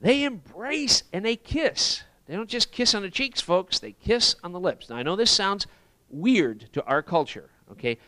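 Lively, bright-voiced male preacher. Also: high voice, normal speed, no room sound. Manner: animated, acts out quoted exclamations. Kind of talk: sermon storytelling. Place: church.

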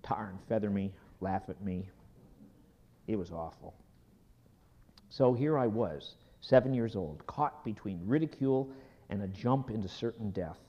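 Slow-speaking male pastor in a reverberant hall. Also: fairly low pitch, animated. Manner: slow storytelling, dropping to a soft whisper. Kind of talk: sermon. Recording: dull sound in a hall with long reverb.

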